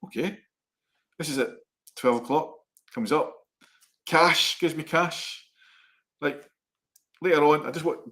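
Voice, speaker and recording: A middle-aged man co-hosting a chat show, telling rambling personal anecdotes in a lively way. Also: fairly high pitch, slow, long pauses. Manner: animated, rambling anecdotes with laughs. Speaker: co-host. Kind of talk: casual storytelling chat.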